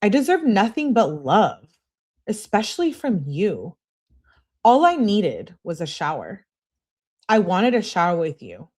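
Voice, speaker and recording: A woman's voice: medium pitch, very animated, a little slow, a little mellow, husky, voice pushed up. A woman reading aloud the text messages of a young woman who pleads with and demands things of her boyfriend, in a raised, insistent tone.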